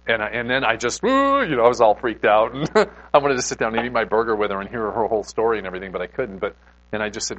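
A man's voice: lowish voice, fast talker, a bit bright, muffled recording, slight background noise. A man preaching a casual, conversational sermon, telling a personal story with lots of restarts and self-deprecating asides. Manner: extrovert.

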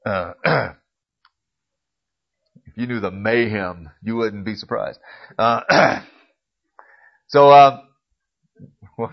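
A man teaching a casual Bible class in a church classroom. He clears his throat often and corrects himself as he goes. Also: mid-range voice, expressive, drawn-out words, long pauses. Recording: dull lo-fi recording.

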